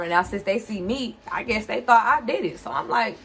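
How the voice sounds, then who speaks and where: A woman's voice: fairly high pitch, lively intonation, brisk, a bit bright, breathy edge. A woman, animatedly telling a casual storytime straight to her viewers. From Detroit, USA. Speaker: vlogger.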